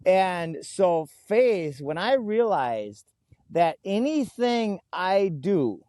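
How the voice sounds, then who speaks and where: A man speaking as an interview guest, telling stories earnestly and slowing right down to stress his key words, recorded outdoors. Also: high voice, lively intonation, warm tone, no room sound, studio quality. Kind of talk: conversational interview. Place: outdoors in a food forest.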